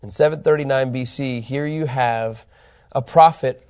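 A man teaching a Bible study, animated and emphatic, reading scripture aloud with building intensity. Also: mid-range voice, a little slow, clean tone.

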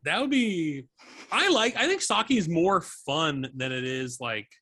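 A young man co-hosting a podcast, chatting casually with friends, joking and rambling with quick laughs. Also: on the high side, big pitch swings, bright, forceful tone, breathy edge, no echo. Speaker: podcast co-host. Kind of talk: casual chat among friends.

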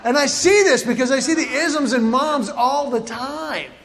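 A man's voice: extremely high pitch, measured pace, gravelly, a bit bright. A man performing a stand-up comedy routine, animatedly acting out moms and kids as he tells stories. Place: large hall with live audience. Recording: reverberant hall, faint ambience.

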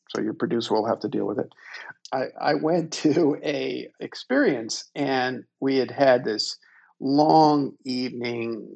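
A man in his fifties, a guest telling a personal story in a reflective, unhurried and self-deprecating way. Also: medium pitch, vocal fry, a little mellow, lo-fi sound.

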